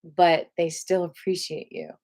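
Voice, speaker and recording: A woman teaching a live qigong class from home, guiding her listeners in a slow, soothing, reflective way. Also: on the low side, flat delivery, a little mellow.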